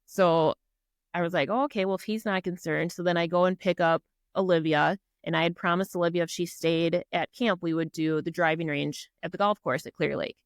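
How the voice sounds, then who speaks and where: Speaking at a normal pace in a lowish, clear, resonant voice, this middle-aged woman from Minnesota appears as a podcast guest sharing a personal story in earnest. Her retelling is animated, voicing what people said, with plenty of "like" and "um." The audio is dry and studio quality.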